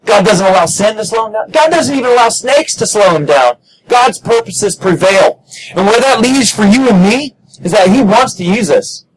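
High-voiced man preaching emphatically. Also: animated, normal speed, breathy edge, low-quality recording. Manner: emphatic, repetitive preaching with shouted peaks and many restarts. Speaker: pastor. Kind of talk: sermon.

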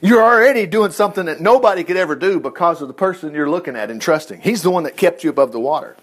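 A folksy male preacher giving a relaxed sermon in a lively voice that swoops up and down. He talks in a conversational way, slightly high for a man, and acts out voices as he goes. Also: quick pace. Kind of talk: informal sermon on Bible passages.

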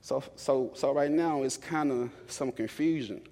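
A young man delivers a sermon in a loose, conversational storytelling voice, often repeating key lines for emphasis. His pitch sits in the middle of the usual range for men. The sound rings out with the long reverb of a large church hall. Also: a little slow, warm tone. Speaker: preacher.

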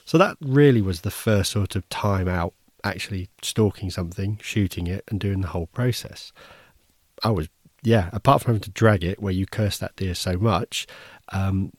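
A man's voice: sits low, a little mellow, dry recording, studio quality. A man hosting a podcast, telling a story in an easygoing, wry way, often restarting his sentences. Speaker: podcast host. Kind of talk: casual first-person storytelling.

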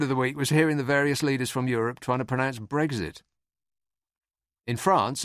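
A man's voice: medium pitch, steady tone, moderate pace, pauses often, no echo. A man hosting a podcast, delivering a dry, sardonic scripted comic monologue. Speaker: podcast host.

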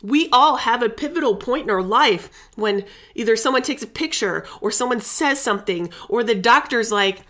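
A woman's voice: on the high side, expressive, moderate pace, hardly any pauses, a bit bright. A middle-aged woman hosting a casual wellness podcast, talking candidly and chattily and dropping in endearments and the odd swear word. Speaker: podcast host.

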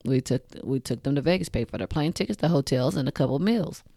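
Blunt, low-voiced woman talking straight to listeners. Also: fast talker, warm tone, no echo, studio quality. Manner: frank, blunt, swears freely, addresses listeners directly; laughs at her own jokes. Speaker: podcast host. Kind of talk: casual talk to listeners.

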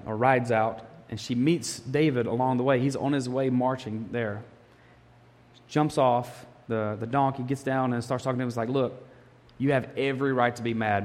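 A man preaching a sermon, animated and storytelling, acting out the quotes of the people in the story. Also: medium pitch, in a large hall. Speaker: pastor.

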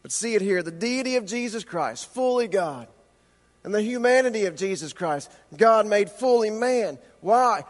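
A man preaching a sermon with impassioned rhetorical questions, slowing down for emphasis. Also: high-pitched, expressive, big-room sound. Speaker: pastor.

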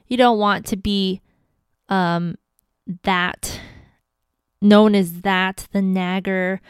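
A young adult woman hosting a podcast, giving relationship advice in an earnest, gentle and encouraging way. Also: mid-range voice, clean tone, no room sound, studio quality. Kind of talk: casual advice talk.

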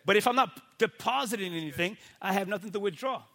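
A man who is a pastor giving a casual faith talk, animated and always checking in with "right?". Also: high-pitched, fast. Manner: animated, keeps asking "right?" and acts out quoted people.

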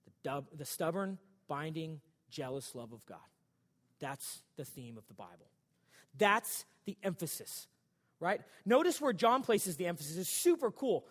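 A man's voice: on the high side, lively intonation, measured pace, in a large hall. A male pastor preaching a sermon in a church sanctuary, in a casual, joking, conversational way.

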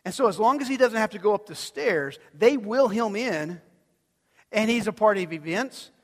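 A male pastor preaching a sermon in a conversational way, often asking the audience if they are following, swinging between loud emphatic lines and soft low ones. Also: animated, moderate pace. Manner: conversational, asks the audience questions. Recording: long hall reverb.

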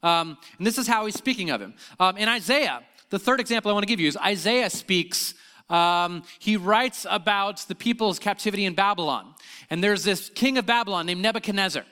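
A man's voice: sits high, animated, fairly quick, sharp tone. A man teaching a sermon on scripture in a conversational way, with frequent fillers and restarts. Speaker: preacher.

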